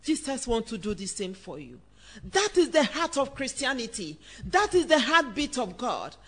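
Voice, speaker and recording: A woman's voice: on the high side, sing-song, normal speed. A woman preacher, delivering a fervent sermon straight to the listener. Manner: fervent, direct address to the listener.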